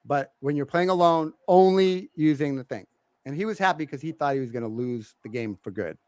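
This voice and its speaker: Middle-aged guy on a podcast, lively storyteller doing his kids' voices, dry close sound. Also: on the high side, brisk, clear, resonant tone, no room sound. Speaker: podcast co-host. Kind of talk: casual chat, telling a family story.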